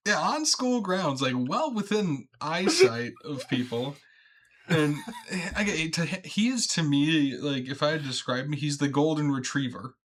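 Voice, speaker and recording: A man's voice: on the high side, lively intonation, a little slow, a bit bright. A young man in a casual podcast chat about a movie, laughing often as he retells scenes. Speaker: podcast co-host.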